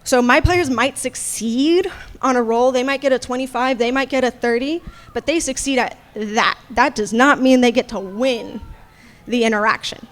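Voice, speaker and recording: A woman game master speaking on a convention panel in an animated, casual way, swearing freely. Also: a little high, normal speed.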